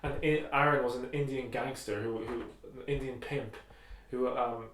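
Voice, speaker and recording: A man's voice: mid-range voice, steady tone, moderate pace, a bit bright. A young man co-hosting a podcast, chatting casually, loose and swearing freely. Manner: loose and crude, swears a lot. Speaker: podcast co-host. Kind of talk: casual chat. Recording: echoey room.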